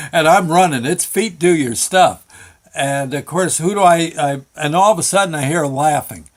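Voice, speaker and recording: A man hosting his own show, telling a long work story in a halting, folksy way with many fillers and restarts. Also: a little high. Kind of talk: rambling spoken storytelling.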